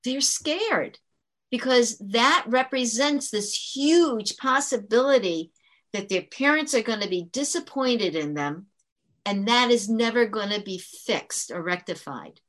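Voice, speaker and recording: A woman's voice: fairly high pitch, lively intonation, a little slow, a bit bright. A woman who works as a teacher, talking earnestly in an interview and explaining her points with frequent restarts. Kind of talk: conversational interview storytelling.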